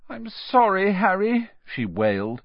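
A man voicing an earnest, anxious schoolgirl who talks in a high, fretful way in an audiobook. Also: wildly swooping pitch, normal speed, dry recording, lo-fi sound, heavily acted.

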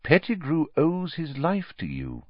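Dumbledore, read by a man, quiet old wizard. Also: on the high side, wildly swooping pitch, dry recording, voice pushed up, exaggerated voice. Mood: thoughtful. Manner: quiet, measured, gently wry. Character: very old headmaster wizard, calm and wise. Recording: slightly dull lo-fi audio.

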